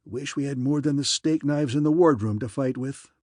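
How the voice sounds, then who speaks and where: A man's voice: mid-range voice, moderate pace, a little mellow, no room sound, clean studio sound, close to an everyday voice. A man reading a doubtful male crewman who talks in a hesitant, muttering way.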